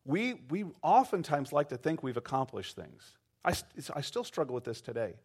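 A man's voice: a little high, sing-song, normal speed, darkish tone, slightly rough. A man preaching a sermon, acting out quoted voices and asking the congregation to respond. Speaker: pastor.

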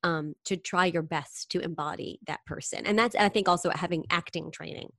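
A woman singer and impressionist, telling stories in an animated, chatty way during an interview. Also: lowish voice, brisk, dry recording, clean studio sound. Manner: animated, chatty storyteller who briefly slips into singing impressions. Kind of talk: interview conversation.

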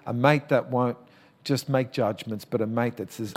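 This man preaches a sermon with real fervor, his voice climbing high on each emphatic point. Between those peaks he slips into loose, conversational storytelling, stumbling over his words and starting again. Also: fairly even intonation, moderate pace. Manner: impassioned, emphatic preaching with rising calls; conversational storytelling with repeated restarts. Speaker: pastor.

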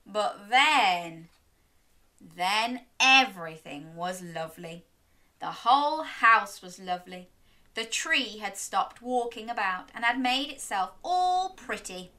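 Young woman reading a kids' story, bright voice, bouncy and slow, gasps and sing-song bits. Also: mid-range voice. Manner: sing-song, gasping, encouraging, lively. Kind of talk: children's story reading with interactive prompts.

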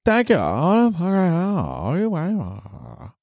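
A man's voice: high voice, huge pitch swings, normal speed, a little mellow, dry recording, clean studio sound, pitched above the performer's own voice, heavily acted. A man voicing a crude, needy young woman as his girlfriend in a comic podcast bit. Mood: pushy. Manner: whiny, pushy and foul-mouthed.

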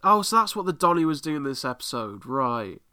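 A British man with an excitable, sweary manner, giving casual commentary while watching an episode. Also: a little high, normal speed, clear, resonant tone. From Britain. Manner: excitable, swears freely, reacts aloud. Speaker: podcast host.

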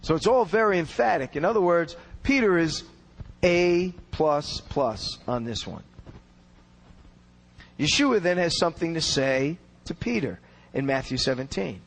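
A man with a voice pitched a bit above the usual male range teaches scripture verse by verse. He speaks earnestly and explains as he goes, pressing hard on the words he wants to stress. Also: lively intonation, unhurried, creaky, poor audio. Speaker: Bible teacher. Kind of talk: expository Bible teaching.

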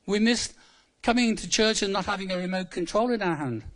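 Speaking a little fast, a seventy-five-year-old English preacher gives a humorous, conversational church sermon, repeating words for emphasis. His voice sits high with a fairly bright tone, and he's in his 70s.

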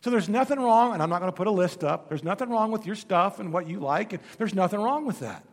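Preacher man with a high voice in a reverberant hall. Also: animated, fast talker. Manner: storytelling preacher, swings from loud emphatic to hushed. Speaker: pastor. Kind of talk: sermon.

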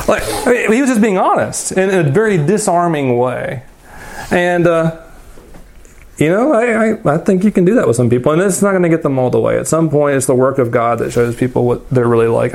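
A pastor answering audience questions in a candid, rambling, self-deprecating way, telling personal stories. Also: male voice, mid-range voice, a little mellow. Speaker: pastor teaching a Bible class.

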